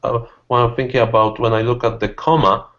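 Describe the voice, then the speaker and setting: A man whose first language is not English, speaking haltingly as a student in a one-on-one lesson, asking questions. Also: mid-range voice, little pitch movement, a bit bright. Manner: hesitant, halting non-native speech. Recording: dull lo-fi recording.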